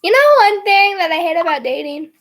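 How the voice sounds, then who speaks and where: A woman's voice: extremely high pitch, sing-song, fairly quick, a bit bright. A young woman telling a rambling storytime story in a casual vlog, giggling often and full of filler words. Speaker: vlogger.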